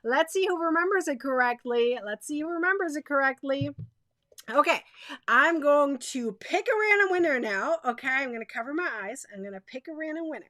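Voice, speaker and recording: A woman's voice: high voice, lively intonation, brisk, sharp tone, dry recording. A woman hosting a live crochet stream, chatting straight to her viewers in a bubbly way, repeating herself and laughing often.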